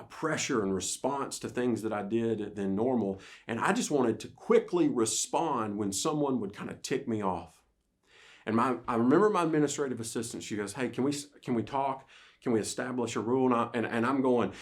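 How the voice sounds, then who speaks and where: Guy pastor preaching a sermon, punchy and emphatic, lots of restarts, middle pitch. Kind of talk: livestream sermon.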